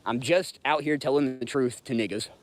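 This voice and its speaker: A man's voice: mid-range voice, moderate pace, a little hiss or hum. A man in his thirties with a Southern US accent, hosting a livestream and ranting bluntly and profanely to his chat. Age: 30s. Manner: profane, blunt, rambling, talks straight to chat. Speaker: livestream host. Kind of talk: casual livestream rant.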